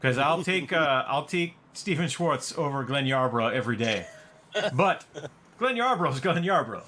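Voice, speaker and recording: A man hosting a casual game stream, excitable and gushing, who swears freely. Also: mid-range voice, moderate pace. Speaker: host and board game player. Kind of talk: casual chat while playing an online game.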